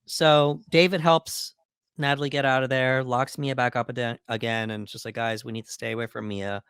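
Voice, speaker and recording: Smooth-voiced man recapping a horror film. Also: mid-range voice, flat delivery, a bit bright, dry recording, studio quality. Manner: recaps scenes, acts out lines with quick voices. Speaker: podcast co-host. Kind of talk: casual movie breakdown chat.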